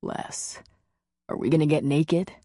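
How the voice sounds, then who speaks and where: A woman's voice: low voice, steady tone, unhurried, dry recording, studio quality. A woman reading a shy, nervous woman. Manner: hesitant, soft-spoken.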